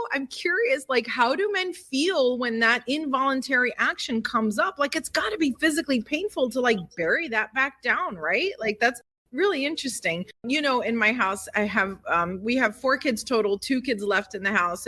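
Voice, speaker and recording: A woman's voice: a little high, expressive, normal speed, bright, forceful tone. A middle-aged woman co-hosting a podcast in casual chat, emotional and talkative, full of fillers like "like" and "you know". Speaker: podcast co-host.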